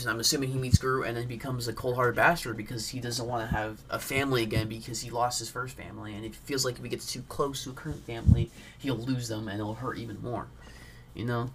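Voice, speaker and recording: A young man co-hosting a podcast, chatting casually and excitedly about a film, swearing a lot and acting out scenes. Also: medium pitch, noisy background. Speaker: podcast co-host. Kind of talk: casual movie chat.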